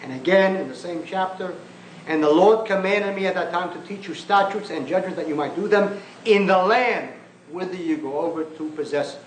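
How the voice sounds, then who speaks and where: A man's voice: high voice, moderate pace. A man giving an impassioned lecture on Jewish thought, emphatic and often sarcastic, repeating phrases for force. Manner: sarcastic asides. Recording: echoey room with faint background noise.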